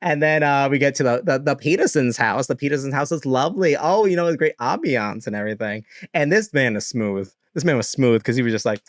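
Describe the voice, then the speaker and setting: A man's voice: mid-range voice, animated, fast talker, dry recording, studio quality. A young man casually telling dating stories to a live chat, laughing often, swearing and acting out quotes. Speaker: streamer.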